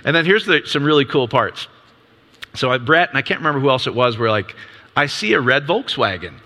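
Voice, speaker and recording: Male ministry leader, 50s, casual upbeat sermon delivery, bright tone, long hall reverb. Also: mid-range voice, lively intonation, quick pace. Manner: conversational, upbeat, asks rhetorical questions.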